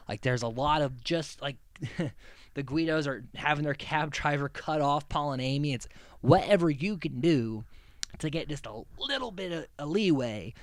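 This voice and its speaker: A man's voice: on the high side, expressive, normal speed, dry recording, clean studio sound. A man hosting a casual recap podcast, rambling and amused, with many restarts and frequent laughs. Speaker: podcast host.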